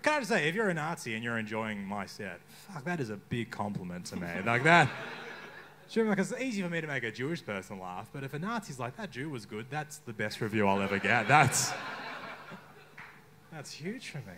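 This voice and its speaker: A young man with an Australian accent doing a stand-up comedy set on a bar stage, deadpan with sudden outbursts. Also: mid-range voice, brisk. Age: young adult. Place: bar stage before a live crowd.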